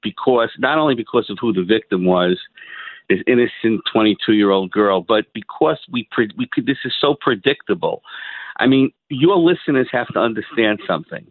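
A man calling in to a radio talk show, ranting in an agitated, halting way with lots of restarts. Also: fairly low pitch, expressive, dry recording. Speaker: caller. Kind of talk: call-in radio rant. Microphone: phone. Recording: tinny phone line.

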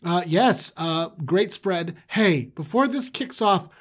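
A man's voice: sits high, lively intonation, slow, a bit bright, exaggerated voice. A man voicing a group of nervous young brothers who blurt and whisper anxiously. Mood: panicky.

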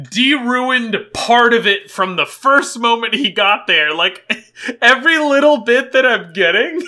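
A man in casual podcast chat with friends, excitable and often laughing through his sentences. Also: extremely high pitch. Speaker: podcast co-host.

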